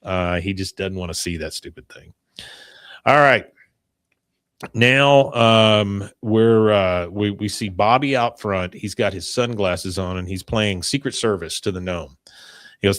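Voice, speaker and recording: Man recapping an episode, deep voice, dry close mic, chatty retelling. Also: a little slow, a bit bright, dry recording. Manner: retelling scenes with quoted dialogue, frequent fillers. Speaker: podcast co-host.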